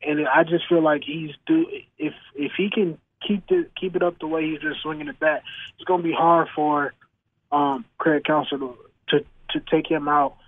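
A man calling in to a sports radio show, talking haltingly with many pauses and restarts. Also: a little high, animated, vocal fry. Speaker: caller. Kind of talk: call-in sports talk. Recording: muffled phone line.

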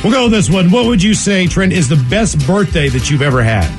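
A man's voice: high voice, animated, a little fast, over music. A man hosting a radio talk show, joking and rambling with restarts. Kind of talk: casual radio banter.

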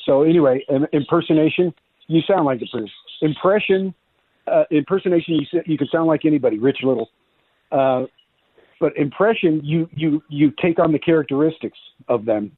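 Voice actor guest on a call-in line, animated, fairly high, phone-thin and dry. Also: male voice, a little fast, slightly rough. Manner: animated, drops into voices and impressions. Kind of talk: casual radio interview. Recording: tinny phone-line sound.

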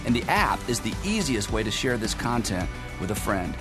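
A man's voice: lowish voice, sing-song, normal speed. A man hosting a church podcast, reading an upbeat, inviting scripted intro. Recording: music bed behind voice.

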